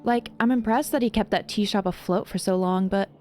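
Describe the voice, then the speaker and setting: A woman's voice: medium pitch, fairly quick, a little mellow, faint music behind, lightly acted. A woman voicing a shrewd, cheerful tiefling tavern keeper who talks in a gossipy, chatty way.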